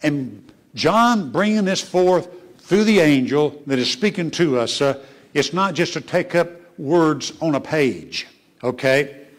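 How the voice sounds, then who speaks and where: Pastor, male, somewhat high voice, delivers a church sermon with emphatic peaks and soft asides. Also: expressive, slow pace. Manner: preaching with emphatic rises and hushed asides, asking the congregation questions. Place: church sanctuary.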